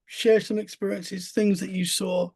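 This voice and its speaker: A man hosting a podcast, asking short questions in a relaxed, casual way. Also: high voice, unhurried, breathy edge. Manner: brief questions and short reactions. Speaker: podcast host. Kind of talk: casual interview.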